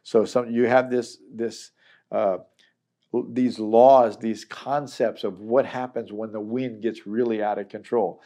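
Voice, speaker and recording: A man's voice: lowish voice, steady tone, measured pace, warm tone. A middle-aged man teaching a Bible chapter in a conversational, earnest way, acting out the people he quotes.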